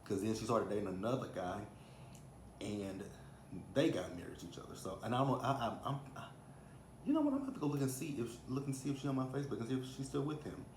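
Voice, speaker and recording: A man's voice: mid-range voice, fast, a little hiss or hum. A man in his thirties with a Texan accent, chatting casually as he recaps a reality TV episode and acts out what people said. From Texas. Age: 30s. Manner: chatty, animated, acts out quotes. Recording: roomy echo, faint ambience.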